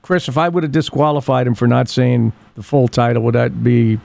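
A man's voice: medium pitch, fairly quick, vocal fry, darkish tone, no room sound. A man hosting a local radio morning show, reading the weather and ads and chatting with callers in a folksy, rambling way. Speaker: radio host.

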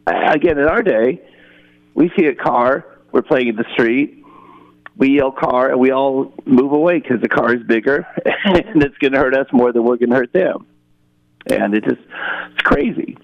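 Gravelly-voiced man calling in on a muffled line. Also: mid-range voice, expressive, normal speed, no room sound. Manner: rambling, exasperated storytelling with chuckles. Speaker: caller. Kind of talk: casual phone-in story.

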